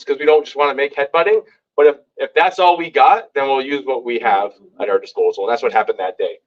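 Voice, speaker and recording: A man telling stories to a live audience at a community meeting, lively and acting out what others said. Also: highs cut off. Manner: lively, acts out quoted lines with big pitch jumps. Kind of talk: animated storytelling to a live audience. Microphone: hand-held microphone.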